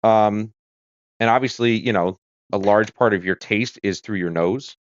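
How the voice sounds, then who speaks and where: A man's voice: lowish voice, measured pace, clear, resonant tone, dry recording, lo-fi sound. A man from the United States hosting a casual livestream, chatty and rambling with fillers and self-corrections. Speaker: livestream host. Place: home room with a kitchen corner. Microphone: streaming setup.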